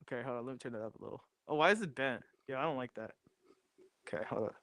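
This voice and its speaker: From his home garage, a young man livestreams while setting up a new desk microphone, chatting casually and restlessly repeating phrases. His medium-pitched voice is very fast and a bit bright, with studio-quality sound and no room noise.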